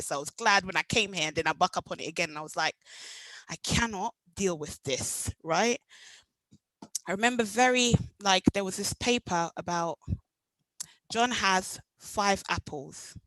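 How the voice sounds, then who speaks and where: Woman, Jamaican accent, lively personal storytelling, acts out old conversations, dry close sound. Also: fairly low pitch, no echo, low-quality recording. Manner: animated, acts out past dialogue. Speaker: meetup speaker.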